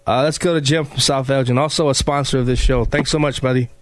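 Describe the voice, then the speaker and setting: A man's voice: mid-range voice, steady tone, fast talker, no echo. A man hosting a call-in radio talk show, friendly and agreeable, who sometimes stumbles over his words.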